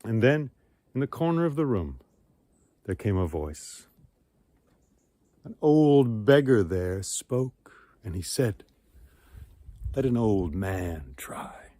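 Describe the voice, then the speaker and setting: A man's voice: medium pitch, sing-song, slow pace, long pauses, warm tone, dry recording. A man telling an ancient myth outdoors, with dramatic shifts in pace and volume. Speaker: storyteller. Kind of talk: oral storytelling of myth. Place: outdoors among ruins.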